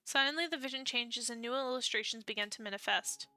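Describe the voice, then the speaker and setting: A young woman streamer reading a dating-sim story aloud, expressive, breaking off into excited asides. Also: on the high side, fast talker, clear, resonant tone, no echo, soft background music.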